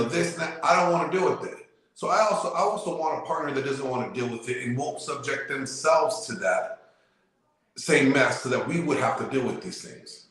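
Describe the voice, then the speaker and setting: A man's voice: mid-range voice, fairly bright tone. A man in casual debate as a show guest, talking emphatically and repeating himself as he lays out his point. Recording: very echoey room.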